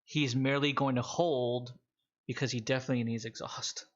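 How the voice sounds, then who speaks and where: A man's voice: medium pitch, fairly even intonation, normal speed. Guy running a tabletop rpg, rambly narration, kinda dull lo-fi audio. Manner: loose, rambling narration with many restarts. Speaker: game master.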